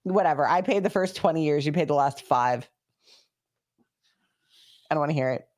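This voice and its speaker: Woman co-host, lowish voice, loose and profane, quick to laugh. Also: a little mellow. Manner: joking, swears a lot, laughs often. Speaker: podcast co-host. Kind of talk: casual chat.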